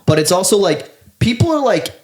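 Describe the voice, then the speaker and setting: A man's voice: high-pitched, sing-song, brisk, darkish tone. A man co-hosting a comedy podcast in casual chat, cursing a lot, laughing often and slipping into mocking impressions. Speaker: podcast co-host.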